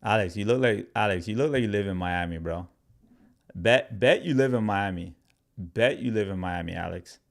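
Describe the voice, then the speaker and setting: This crypto educator's livestream is casual talk aimed at his chat: he addresses viewers directly, reads their comments aloud, and leans heavily on "like" and "right?". He speaks at normal speed in a lowish, creaky voice.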